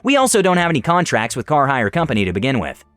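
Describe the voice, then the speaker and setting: A man voicing a calm, polite male petrol station attendant. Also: mid-range voice, fast talker, clean tone, dry recording, faint music behind. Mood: firm. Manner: polite, firm.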